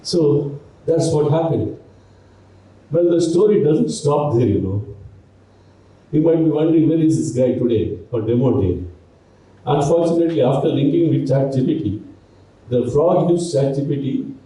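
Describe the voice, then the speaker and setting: A man's voice: medium pitch, far from the mic. Man telling a story in an echoey hall. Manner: relaxed, anecdotal, with asides. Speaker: speaker at a college event. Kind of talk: humorous storytelling speech.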